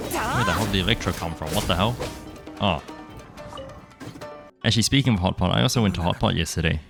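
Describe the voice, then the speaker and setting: A young man comments casually on his game in a somewhat low voice that is a little croaky and hoarse. He rambles into side stories and swears playfully. Quiet game music plays behind him. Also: lively intonation, fast. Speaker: gaming YouTuber.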